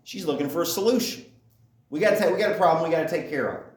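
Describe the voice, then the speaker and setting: A man's voice: on the high side, very fast. A man giving a conversational Bible teaching, often checking in with his listeners. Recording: echoey room.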